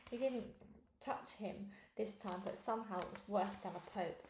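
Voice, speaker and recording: Gravelly-voiced woman reading a storybook. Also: medium pitch, normal speed, echoey room, slight background noise. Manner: lively first-person storytelling. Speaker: reader. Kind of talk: storybook read-along narration.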